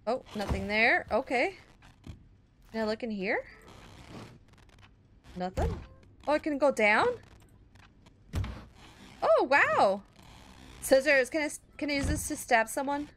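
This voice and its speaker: A woman's voice: high-pitched, expressive, normal speed, pauses often, fairly bright tone, slight background noise. A young woman playing a horror fan game and commenting as she goes, talking to herself and her viewers, often gasping and easily startled. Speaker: gaming YouTuber.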